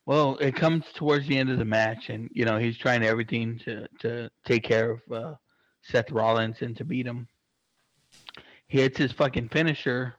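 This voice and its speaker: An excitable man talking casually and swearing at every turn, rambling through loads of fillers. His voice sits in an ordinary middle pitch. The recording is dull and lo-fi, with a dry, close sound. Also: normal speed, no room sound. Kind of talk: casual chat.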